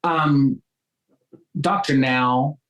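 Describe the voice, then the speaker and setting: A man's voice: medium pitch, drawn-out words, a bit bright, poor audio. Man from South Texas, faint Southern accent, interview guest, storytelling, many ums and restarts. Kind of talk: casual interview chat.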